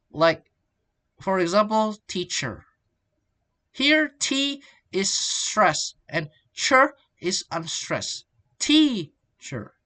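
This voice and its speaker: Young man, student presentation, halting, repeats words, bright tone. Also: fairly high pitch. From Indonesia. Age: young adult. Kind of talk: reading a class presentation.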